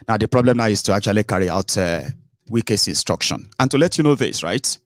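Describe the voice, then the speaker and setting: A man's voice: mid-range voice, big pitch swings, fairly quick, no echo, clean studio sound. A man hosting a casual political commentary show, chatty and sarcastic, slipping into Pidgin.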